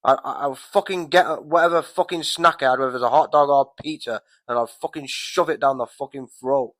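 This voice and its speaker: A man's voice: fairly high pitch, brisk, fairly bright tone, no echo. A man giving a casual, rambling recap of a wrestling show, swearing heavily and getting heated. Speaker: wrestling commentator vlogger.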